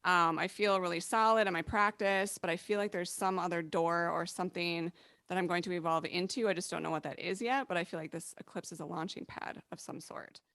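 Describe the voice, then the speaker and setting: A woman's voice: lowish voice, steady tone, brisk, fairly bright tone, no room sound. Chatty woman astrologer, dry sound. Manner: chatty, laughs often, quotes clients in little voices. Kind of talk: casual podcast chat.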